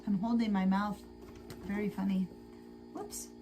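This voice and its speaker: A tired woman hosting a casual sewing livestream, chatting slowly to viewers and to herself as she works. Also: mid-range voice, flat delivery, music in the background, low-quality recording. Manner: slow, chatty, talks to herself while working. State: tired and sleepy.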